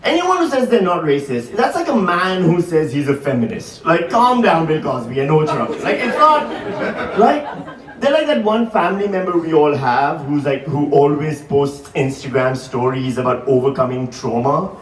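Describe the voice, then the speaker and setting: A man from Pakistan in his forties performs profane, animated stand-up comedy for a live audience in a large hall, tossing quick asides to the crowd. His pitch is fairly high. The mic picks him up from a distance in the roomy hall, with audience laughter in the background.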